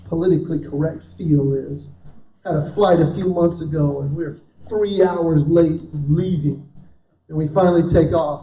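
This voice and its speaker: A man doing stand-up comedy with a faith message, telling animated stories and acting out both sides of conversations. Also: fairly high pitch. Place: hall with a live audience. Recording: echoey hall, distant mic, dull lo-fi sound. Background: audience laughter.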